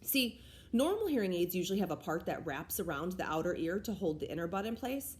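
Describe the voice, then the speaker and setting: A woman reading a first-person children's novel aloud in an expressive style. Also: lowish voice, a little fast. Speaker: reader. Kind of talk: audiobook read-aloud.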